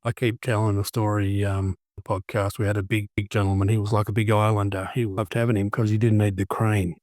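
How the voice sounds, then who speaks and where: A man's voice: fairly low pitch, flat delivery, a little fast, darkish tone, no room sound, studio quality. A man hosting a podcast interview, joking and telling long anecdotes in casual chat. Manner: jokey, tells long anecdotes. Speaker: podcast host.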